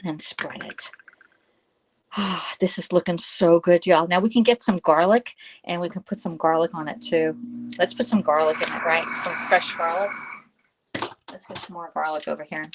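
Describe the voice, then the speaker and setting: A woman in her fifties with a Southern US accent and a fairly low voice chats her way through a cooking livestream. She talks to her viewers and to herself as she works in a home kitchen. Clear background noise sits under her voice. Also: steady tone, moderate pace, pauses often. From Pennsylvania. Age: 50s. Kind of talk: casual live cooking demo.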